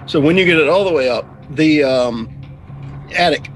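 A man's voice: on the high side, moderate pace, a little hiss or hum, low-quality recording. A man narrating as game master of a tabletop game, rambling and laughing, searching for words as he describes the scene.

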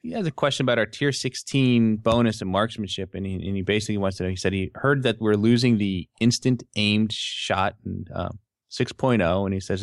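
A man with a low voice hosts a casual gaming chat and reads out listener questions. He talks in a relaxed, hesitant way with plenty of fillers. The sound is dry and close. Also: fairly quick, vocal fry, no room sound. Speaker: podcast host.

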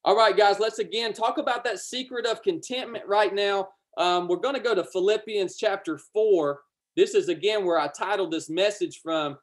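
Fervent preacher, loud bursts. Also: male voice, high-pitched, normal speed. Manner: fervent, repetitive, swells loud then drops to casual asides. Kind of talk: livestreamed sermon.

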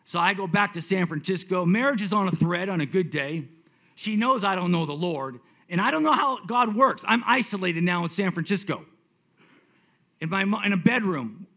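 A man in his fifties telling his personal faith testimony to a congregation, swinging between hushed reflection and excited retelling, often repeating himself. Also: high-pitched. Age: 50s. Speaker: speaker giving a testimony.

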